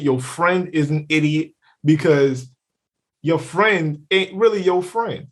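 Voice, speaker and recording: Animated, cussing podcast co-host man. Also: on the high side, takes it slowly. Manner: animated, profane, acts out quotes in funny voices. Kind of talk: casual chat.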